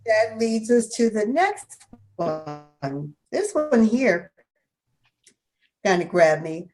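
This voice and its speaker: A woman's voice: medium pitch, sing-song, very slow, over music, low-quality recording. A woman co-hosting a casual talk show who reads out discussion points and states her view firmly.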